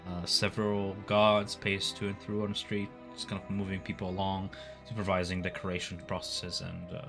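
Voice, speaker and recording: A man with a deep, low voice narrates a tabletop game as its game master. He describes the scene loosely, with plenty of ums and uhs. Soft music plays underneath. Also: normal speed, vocal fry. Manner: relaxed, filler-heavy narration.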